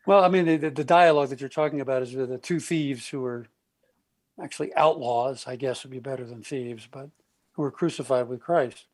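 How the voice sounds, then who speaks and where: A man talking on a podcast, telling stories in an animated way and acting out the voices of the people he quotes. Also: medium pitch, brisk. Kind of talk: conversational podcast discussion.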